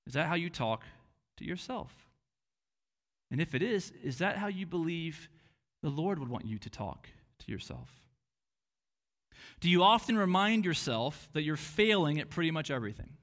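Man, pastor, sermon, fairly high voice, earnest, questioning. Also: sing-song, normal speed, pauses often, a bit bright. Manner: earnest, questioning, acts out harsh inner voices.

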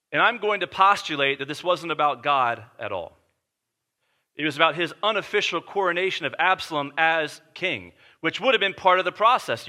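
A man preaching a sermon as pastor, telling a story and then reading and explaining scripture, emphatic and dropping low and quiet for weighty points.

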